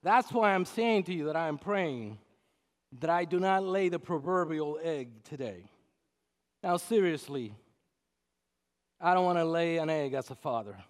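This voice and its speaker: Middle-aged male pastor, high voice, animated storytelling sermon, loud-soft swings. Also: a little slow, pauses often. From Puerto Rico.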